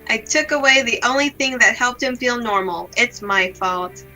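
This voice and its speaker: A woman reading aloud the lines of a gloomy, self-blaming young woman from a visual novel, in a slow, subdued, melancholy way. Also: on the high side, pushed and bright, soft background music, poor audio.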